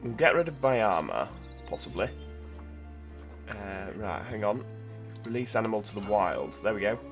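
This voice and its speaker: A man giving casual, chatty commentary while playing a zoo-building game, thinking aloud with lots of fillers, over quiet background music. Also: on the low side. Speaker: gameplay video host. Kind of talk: casual let's-play commentary.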